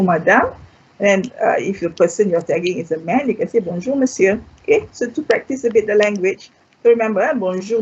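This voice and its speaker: Over dull lo-fi audio streamed live online, a Malaysian woman teaches French with a mid-range, darkish voice that has a breathy edge. She drills vocabulary by repeating each word, keeps asking "okay?", and occasionally slips into Malay.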